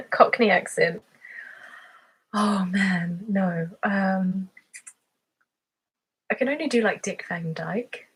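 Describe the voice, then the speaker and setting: A woman's voice: medium pitch, slow, long pauses, slightly rough. A woman hosting her ASMR channel's live stream who chats casually, reads out viewer comments and giggles often. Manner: chatty and giggly, laughs often.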